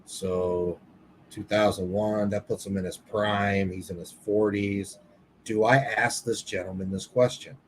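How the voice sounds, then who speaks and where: Co-hosting a paranormal podcast, a man tells a story in casual chat, candidly retelling what people said and swearing here and there. His low voice is fairly even in intonation and a little slow. The recording is rough, with slight hiss or hum.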